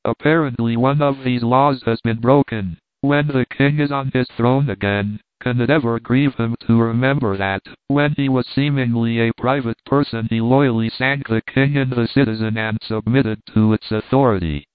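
An earnest, loyal soldier reasons gently but firmly, as a male narrator voices him. The sound is narrow and phone-like, with no reverb. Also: mid-range voice, normal speed, hardly any pauses, clean tone, lightly acted. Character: loyal soldier Miles Hendon, earnest and persuasive. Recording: tinny phone-like line, dry.

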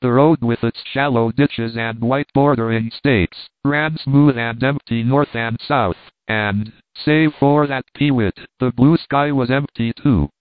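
A man reading a classic novel aloud in measured, plain narration. The sound is thin and tinny. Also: medium pitch, no room sound. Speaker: audiobook reader. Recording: tinny, dry phone-like sound.

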